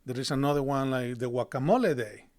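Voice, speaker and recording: Man speaking halting, English. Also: mid-range voice. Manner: halting, many fillers and restarts, non-native phrasing. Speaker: guest, marketing business owner. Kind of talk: casual podcast chat.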